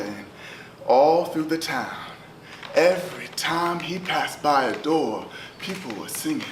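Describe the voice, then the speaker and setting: A man performing spoken word poetry, rhythmic and chanting, with swings from loud to hushed. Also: fairly high pitch, expressive, slow. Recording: roomy, distant live recording with noise.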